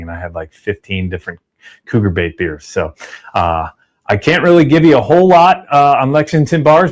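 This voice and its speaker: A man hosting a casual livestream, chatty and upbeat as he reads out viewer donations and shout-outs. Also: mid-range voice. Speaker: livestream host reading super chats.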